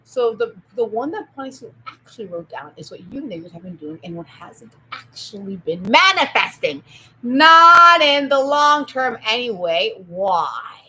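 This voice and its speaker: Erratic, rambling woman with wild pitch swings. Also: very animated, unhurried, slight background noise, poor audio. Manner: erratic, jumping between topics, swearing; swings from loud outbursts to low mutters. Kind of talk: rambling solo monologue.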